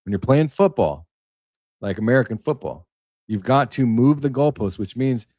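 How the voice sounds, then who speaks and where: A man's voice: mid-range voice, animated, normal speed, darkish tone, no room sound, studio quality. A man hosting a casual livestream, rambling and emphatic, reading aloud and then riffing on it. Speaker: livestream host. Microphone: webcam setup.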